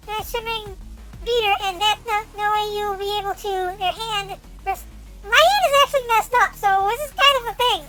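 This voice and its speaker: A young woman streamer reads a game's text aloud in a very high, girlish voice. She stumbles over words and bursts out in excitement as she comments. Soft music plays faintly underneath. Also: poor audio. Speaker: VTuber streamer.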